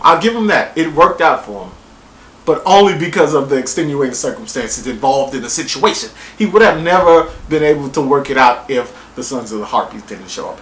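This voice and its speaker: Excitable, rambling male reviewer with a lively, up-and-down delivery, recorded in an echoey room. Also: a little high, a little hiss or hum. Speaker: TV show reviewer. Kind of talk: casual spoken review.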